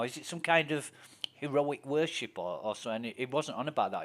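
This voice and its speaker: A man's voice: medium pitch, fast talker, a bit bright. A man with a Yorkshire accent chatting casually while streaming a game, telling rambling stories and swearing often. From Yorkshire, England. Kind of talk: casual chat while gaming.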